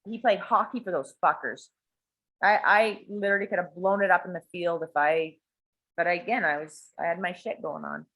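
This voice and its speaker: A woman talking in a blunt, animated way, swearing freely as she leads a small group. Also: lowish voice, moderate pace. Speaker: coach and workshop leader. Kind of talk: casual talk to a small group.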